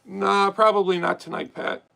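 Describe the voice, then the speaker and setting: A man's voice: sits high, steady tone, moderate pace, vocal fry, bright, forceful tone, low-quality recording. A young man hosting a casual live stream, chatty and swearing freely as he answers viewer questions. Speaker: livestream host.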